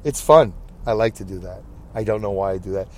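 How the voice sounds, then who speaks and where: A man's voice: on the low side, fairly quick, a little mellow. A man hosting a podcast, chatting casually and rambling to himself while driving. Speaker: podcast host. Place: inside a moving car. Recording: car interior with road noise.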